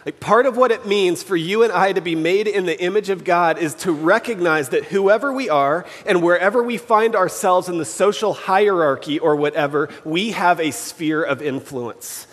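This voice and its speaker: A man telling a story from the pulpit in a relaxed, chatty way, often asking the congregation questions. His voice sits a little high and rings out with long reverb in a church sanctuary. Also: moderate pace, hardly any pauses. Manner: storytelling, conversational, addresses the congregation directly. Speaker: preacher. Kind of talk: sermon with a story.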